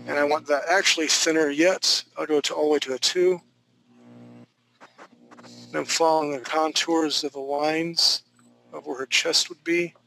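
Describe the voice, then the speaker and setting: A man's voice: on the high side, steady tone, moderate pace, gravelly, long pauses, pushed and bright, a little hiss or hum, rough recording. A man teaching a live online drawing class from home, talking loosely and jokingly as he thinks aloud while he draws. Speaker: drawing instructor. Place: home studio.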